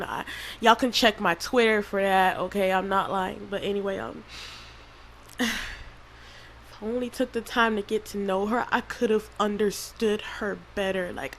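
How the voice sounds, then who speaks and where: A woman with a Southern country accent, crying through a halting, emotional confessional vlog with many restarts. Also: mid-range voice, a bit bright, a little hiss or hum, low-quality recording. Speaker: channel creator.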